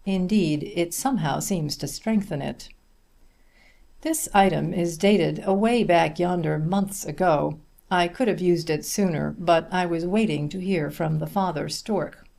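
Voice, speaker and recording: A man reading a humorous essay aloud as an audiobook narrator, with a measured, dry delivery. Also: a little high, gravelly, darkish tone.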